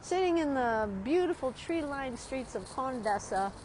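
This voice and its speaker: A woman's voice: sits high, lively intonation, a little slow, a little mellow, slight background noise, rough recording. Chatty woman rambling at a street café. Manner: chatty, rambling, often adds "right?", laughs a lot. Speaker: art teacher vlogging. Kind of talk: casual rambling monologue. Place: outdoor street café in a city. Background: street ambience.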